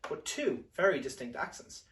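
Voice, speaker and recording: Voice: medium pitch, very animated, moderate pace, a bit bright, distant mic, slight background noise. A performer with an Irish accent, giving a playful comic stage monologue and slipping into regional accents. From Ireland. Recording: roomy hall, voice from afar.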